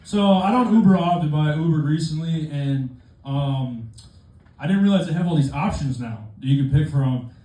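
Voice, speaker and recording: A man's voice: a little high, expressive, moderate pace, mellow. A young man doing a stand-up comedy set in a club, self-deprecating with conversational asides. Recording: echoey club room from far off, crowd laughter.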